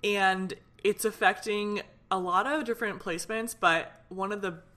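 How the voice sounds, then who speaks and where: A woman's voice: mid-range voice, moderate pace, sharp tone. A young woman hosting her own solo podcast, talking in a fired-up, rambling way with lots of fillers. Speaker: podcast host. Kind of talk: casual solo podcast venting.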